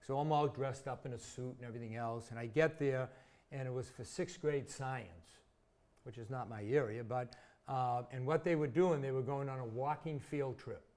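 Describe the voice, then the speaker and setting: A Massachusetts man in his sixties, a former teacher, is an interview guest telling vivid, self-mocking stories in a chatty, casual way. His voice is mid-range and a bit dark, at a moderate pace.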